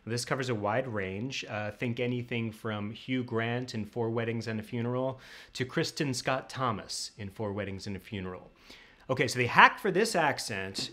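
A man hosting a short comedic dialect lesson, brisk, jokey and instructional. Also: medium pitch, animated, a bit bright. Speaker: comedic dialect coach and host. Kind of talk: comedic web sketch.

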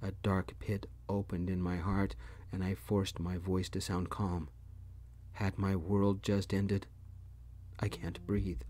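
A man's voice: low-pitched, level tone, takes it slowly, mellow. A man narrating a first-person story, anxious and inward.

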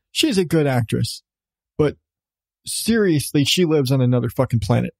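A man's voice: fairly high pitch, a little mellow, no echo. A man hosting a podcast, ranting sarcastically about odd news with lots of swearing and laughs. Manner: profane, sarcastic, laughing often. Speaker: podcast host. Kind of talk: casual comedic news rant.

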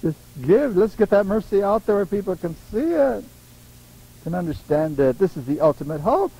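A man preaching a sermon in a lively way, laughing often and acting out the voices of people he quotes. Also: high-pitched, moderate pace, gravelly, breathy edge, poor audio.

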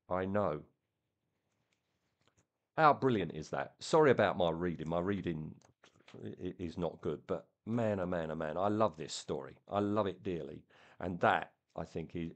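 A man reading a story aloud and then chatting about it in an enthusiastic, halting way. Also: sits low, lively intonation. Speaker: comic and book reviewer. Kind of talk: reading aloud and casual chat.

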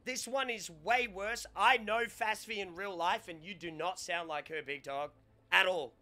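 A young man streaming casually, excitable and prone to stammering and restarting words. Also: high-pitched, normal speed. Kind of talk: casual live-stream chat.

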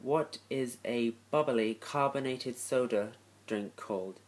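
A young man from London with a London accent, reading a word list in a casual, offhand, deadpan vlog. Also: mid-range voice, takes it slowly. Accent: London English. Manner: offhand, deadpan, self-deprecating. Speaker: vlogger. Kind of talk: casual talking-head vlog.

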